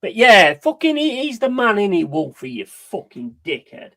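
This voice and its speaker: A man's voice: sits high, wildly swooping pitch, normal speed, no room sound. Sweary man ranting over a match. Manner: heavy swearing, ranting and frustrated; banters with chat and gives shout-outs. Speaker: football watch-along streamer. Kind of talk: live match watch-along commentary.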